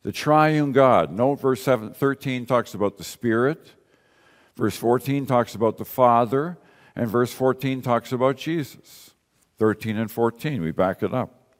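Male preacher, unhurried sermon delivery, repeats phrases, rhetorical questions, big echoing church. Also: mid-range voice, expressive. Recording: long reverb of a large hall.

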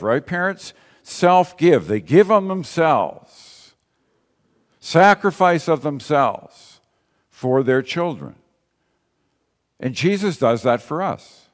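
A man's voice: a little high, very animated, takes it slowly. A man preaching a sermon in a conversational way, repeating key phrases and asking rhetorical questions. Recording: long reverb of a large hall.

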